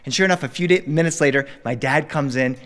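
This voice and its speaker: Animated male storyteller in a hall. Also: medium pitch, fast. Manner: animated, rhythmic delivery with repetition. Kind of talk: live storytelling performance. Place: stage before a live audience.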